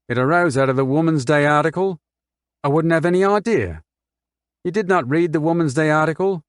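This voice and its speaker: An indignant mother under cross-examination, as a male narrator puts her on, answering with sharp scorn in a lifted, higher voice. She argues point by point, insistent and precise. The sound is dry and close, with no room around it. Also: no room sound, natural voice. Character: woman, a mother on the witness stand, firm and scornful.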